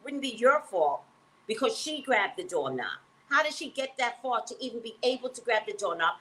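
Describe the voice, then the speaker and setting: A woman who works as a psychic reader, telling a personal story in an emphatic, animated way and acting out the dialogue. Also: fairly high pitch, moderate pace, a little hiss or hum, rough recording.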